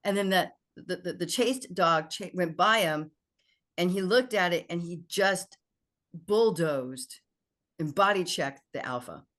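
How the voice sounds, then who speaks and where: Low-voiced woman telling dog stories. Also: measured pace. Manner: animated storyteller who acts out dialogue. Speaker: podcast guest. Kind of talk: casual chat.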